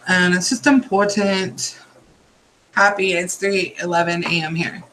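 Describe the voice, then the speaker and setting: High-voiced tired man chatting through a tutorial. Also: little pitch movement, unhurried, pushed and bright, a little hiss or hum, poor audio. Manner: chatty, rambling asides while working. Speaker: nail art tutorial host. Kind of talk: casual step-by-step tutorial.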